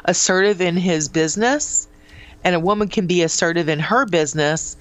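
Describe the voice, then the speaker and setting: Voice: medium pitch, normal speed. Skeptical teasing radio co-host. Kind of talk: casual morning radio banter. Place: radio studio. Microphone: studio microphone.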